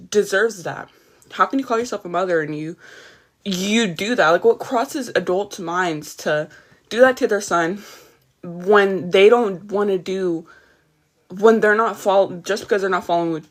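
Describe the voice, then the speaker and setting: A woman's voice: medium pitch, a little slow. Woman, livestream host, heated rant, a little tired, repeats points, greets chat. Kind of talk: casual ranting livestream.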